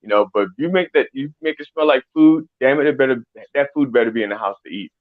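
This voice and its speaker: A man co-hosting a casual talk show, telling a story with halting, stammering starts. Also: medium pitch, narrow, tinny audio. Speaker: podcast co-host.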